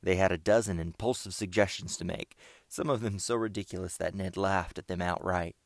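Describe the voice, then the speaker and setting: A man with a very low, gravelly voice reads a storybook chapter in a steady, measured way. The recording is close and dry, with no room sound. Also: no room sound. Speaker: audiobook narrator. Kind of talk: scripted narration.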